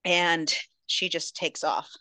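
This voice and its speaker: A woman's voice: lowish voice, takes it slowly, no room sound. Dry-voiced woman recapping a novel. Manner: animated, swearing. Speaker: podcast host. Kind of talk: casual book recap.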